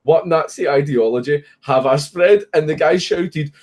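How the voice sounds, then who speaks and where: A man's voice: on the high side, normal speed, a little mellow, slight background noise. A young Scottish man, a streamer, casually telling a story with lots of swearing and laughing at his own punchlines.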